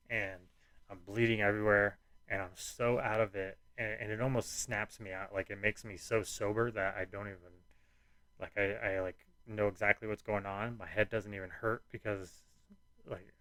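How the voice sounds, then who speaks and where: A man's voice: on the low side, fairly even intonation, moderate pace, a bit bright, dry recording. A man hosting a podcast, telling a personal story in a rambling way, full of fillers, restarts and swearing. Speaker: podcast host.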